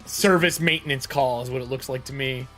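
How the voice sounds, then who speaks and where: A game master running an online tabletop game, brisk and explaining rules and rolls over a voice call. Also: medium pitch, fairly bright tone, soft background music.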